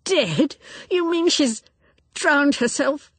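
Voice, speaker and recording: A woman's voice: sits high, lively intonation, slow pace, dry recording, voice pushed up. A woman voicing a grief-stricken young husband, crying out in anguish. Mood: disbelieving.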